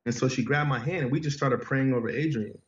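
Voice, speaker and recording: A man's voice: mid-range voice, fast talker, far from the mic, slight background noise. Earnest male podcast guest, casual heartfelt storytelling, recorded off-mic in a roomy space with dull sound. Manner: earnest, heartfelt, frequent "you know" and "man". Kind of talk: personal storytelling in conversation.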